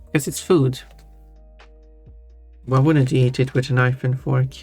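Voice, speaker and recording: Streamer guy, mid-pitched, halting casual chat with viewers, soft music behind. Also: flat delivery, no echo. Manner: halting, restarts often, chuckles while answering chat. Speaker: livestream host. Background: faint background music.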